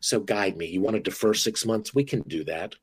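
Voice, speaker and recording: Deep-voiced animated man on a dry mic. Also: fairly quick, breathy edge, dry recording. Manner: animated, expressive, acts out dialogues with patients. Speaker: dentist guest. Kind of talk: podcast interview.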